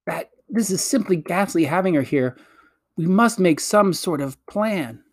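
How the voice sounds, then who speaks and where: A man's voice: high voice, expressive, measured pace, voice pushed up, full character voice. A man reading aloud, voicing a flustered young English boy who stammers and pleads. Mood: pleading.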